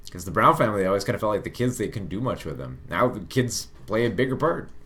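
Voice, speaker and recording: On a casual film review podcast, a male host talks fast in a lowish, fairly bright voice, sounding animated and chatty. He laughs often and tends to repeat words as he gets sentences going.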